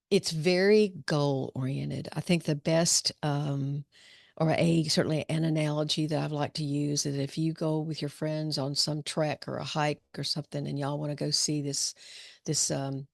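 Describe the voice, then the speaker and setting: Casting: middle-aged woman psychologist, low gravelly voice, chatty storyteller. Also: dry recording, clean studio sound. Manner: conversational, storytelling with restarts. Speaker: psychologist leading a discussion. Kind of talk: informal talk to students.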